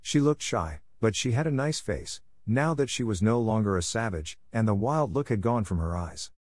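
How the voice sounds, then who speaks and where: A man narrates a storybook in a measured, even reading voice. His pitch sits on the low side, and the recording is dry and close with no room around it. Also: no room sound. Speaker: audiobook narrator.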